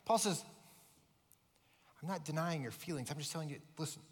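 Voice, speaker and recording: A man's voice: fairly high pitch, moderate pace, long pauses. A male pastor preaching a sermon with emphatic delivery, rising and falling in force. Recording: long hall reverb.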